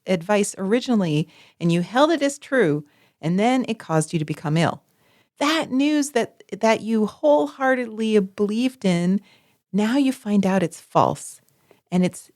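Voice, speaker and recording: A woman co-hosting a podcast, chatting casually and telling stories with expressive acted quotes. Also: medium pitch, no room sound, studio quality. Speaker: podcast co-host. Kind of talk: casual conversational podcast chat.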